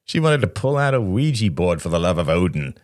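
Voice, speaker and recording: A man's voice: sits low, big pitch swings, fairly quick, a little mellow, no room sound, studio quality. A man voicing a young man who teases his friend in a joking way. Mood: teasing. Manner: teasing, joking.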